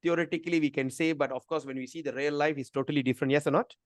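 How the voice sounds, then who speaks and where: A man's voice: on the high side, steady tone, racing, no room sound, studio quality. A middle-aged man, teaching a scripture class in a chatty, emphatic way. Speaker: Gita teacher.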